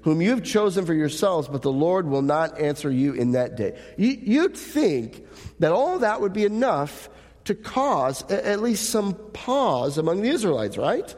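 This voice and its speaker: A man's voice: fairly high pitch, very animated, moderate pace, a little mellow. A male pastor preaches a sermon in an earnest way. He reads scripture aloud and poses rhetorical questions to the congregation. His voice rings out with a long hall reverb.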